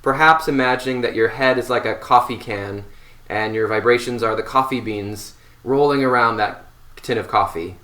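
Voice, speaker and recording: A man teaching a seated voice warmup, giving slow, calm instructions between long sustained hums. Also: mid-range voice. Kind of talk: guided voice warmup. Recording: roomy echo.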